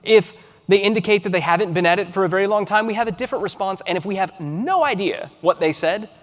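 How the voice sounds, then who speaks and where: A man giving a conference keynote, speaking in an animated way and acting out sample chat lines with a rising inflection. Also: sits high, quick pace. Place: large conference hall. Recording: long hall reverb.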